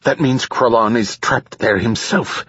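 A man's voice: mid-range voice, a little slow, fairly bright tone, slightly rough, no room sound, pitched above the performer's own voice. A man voicing a grim alien warrior. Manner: curt, serious. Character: stern alien warrior, male, grim and decisive. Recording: slightly dull lo-fi recording.

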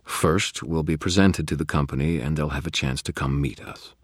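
A silky, mock-polite young vampire aristocrat, as a man puts him on for an audiobook. He purrs his courtesies, with a husky grain under the raised voice, recorded close and dry. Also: extremely low pitch, moderate pace, no echo. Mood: genial explaining. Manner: genteel, purring and mock-polite. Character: suave, cheerful young male vampire aristocrat. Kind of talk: audiobook character voice.

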